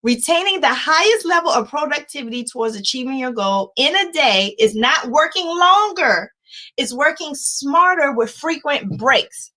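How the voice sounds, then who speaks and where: A woman in her forties leads a livestreamed life-coaching talk in a high voice at normal speed. She is emphatic and animated, chanting repeated words and laughing often, and the recording is rough.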